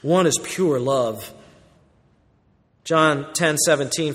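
A man's voice: slow, long pauses. Man preaching in a reverberant hall. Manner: swings from loud emphatic warnings to low quiet asides. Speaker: pastor. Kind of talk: expository sermon.

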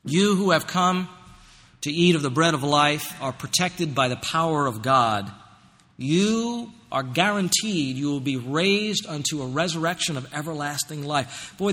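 A man preaching a sermon as pastor, fervent and emphatic, at times building to near-shouting. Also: on the high side, in a large hall. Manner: fervent, rising to near-shouting in rhetorical questions. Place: church.

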